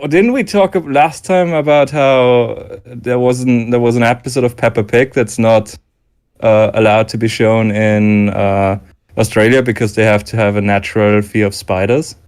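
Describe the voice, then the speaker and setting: A man chats casually with friends, spinning deadpan, rambling jokes. He often stammers and restarts his sentences. His voice sits at an ordinary middle pitch. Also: moderate pace, clear, resonant tone. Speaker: regular guest. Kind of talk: casual chat.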